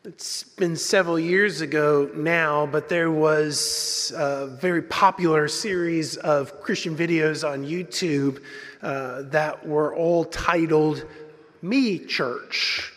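A man's voice: fairly high pitch, fairly even intonation, slow, fairly bright tone. A male pastor delivering an earnest, conversational sermon in a church, sometimes restarting his phrases. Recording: long reverb in a large hall.

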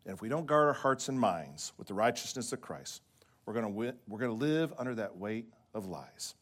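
A pastor delivering a sermon to his congregation in a lively preaching manner. He checks in with "right?" and now and then drops his voice soft and quiet for emphasis. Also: fairly low pitch, brisk.

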